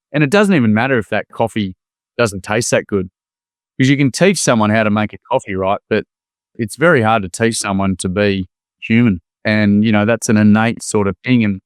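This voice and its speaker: Brief: Australian male storyteller, slightly low, smooth resonant tone, dry close mic. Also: no room sound. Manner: animated storyteller, acts out quoted voices. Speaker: podcast guest, former teacher. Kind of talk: casual conversation.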